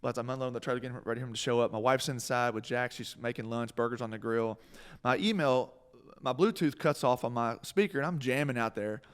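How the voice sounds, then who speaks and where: Animated man telling a story on live radio. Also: medium pitch, fast, smooth. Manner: animated, laughing, many restarts. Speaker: guest country singer. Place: live radio stage in a food hall.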